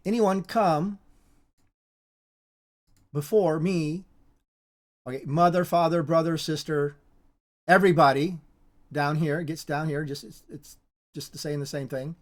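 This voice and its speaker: Bible teacher, informal spoken lesson, middling pitch, halting delivery with many restarts and emphatic repeats. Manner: halting and repetitive, with frequent restarts and emphatic repetition.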